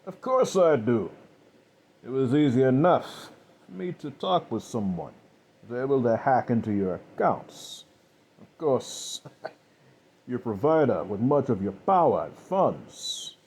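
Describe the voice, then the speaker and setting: Man voicing a cold, slow-spoken killer, husky, mocking. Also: medium pitch, sing-song, darkish tone, full character voice. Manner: slow, measured, coldly mocking. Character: calm, menacing male killer, cold and contemptuous.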